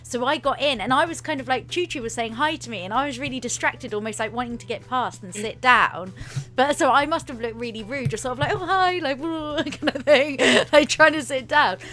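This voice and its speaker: Giggly woman host with a higher voice. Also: fairly quick, pushed and bright. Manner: giggly, rambling, lots of fillers like "like". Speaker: host interviewing a guest. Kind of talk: casual interview chat.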